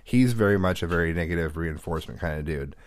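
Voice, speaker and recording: A man in casual chat, telling family stories with animated quoted voices and laughter. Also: low-pitched, quick pace, dry recording. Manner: animated storyteller who acts out quotes, laughs, swears.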